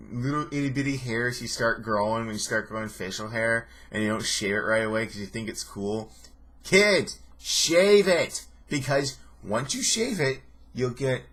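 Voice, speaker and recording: A man's voice: mid-range voice, a bit bright. A young man in his twenties recapping a TV episode in a casual, sarcastic way, often mimicking people. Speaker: show reviewer.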